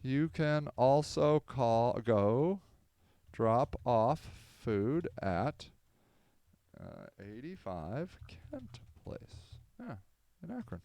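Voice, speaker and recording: A man hosting a podcast, rambling sardonically and apologetically, swinging from loud to mumbled. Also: mid-range voice, sing-song, drawn-out words, long pauses, no room sound. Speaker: podcast host. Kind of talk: casual livestream podcast monologue.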